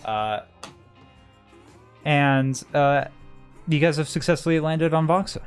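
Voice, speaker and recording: A man narrating a tabletop game as game master, in a relaxed way with many "uh" fillers. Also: fairly high pitch, takes it slowly, clear, resonant tone, soft background music.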